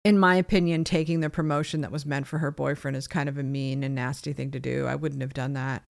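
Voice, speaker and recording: A woman's voice: very deep voice, little pitch movement, quick pace, creaky. An older woman co-hosting a podcast, giving direct, opinionated takes in casual film chat. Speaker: podcast co-host.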